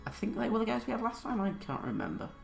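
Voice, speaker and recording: Hesitant gamer man, gravelly voice. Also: high-pitched, wildly swooping pitch, quick pace, roomy sound, faint music behind. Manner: hesitant, thinking aloud with many fillers. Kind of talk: let's play commentary, reading tutorial text aloud.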